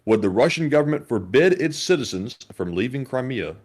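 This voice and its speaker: A man co-hosting a live stream, reading viewer messages in a deliberate way while adding inflection to avoid monotone. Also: mid-range voice, breathy edge.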